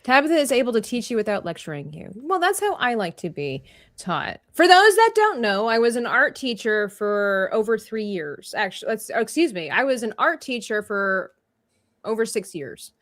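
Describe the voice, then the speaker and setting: A woman's voice: on the high side, sing-song, normal speed, a bit bright, no room sound, studio quality. A woman hosting a livestream coloring tutorial, a former art teacher who chats playfully and laughs often.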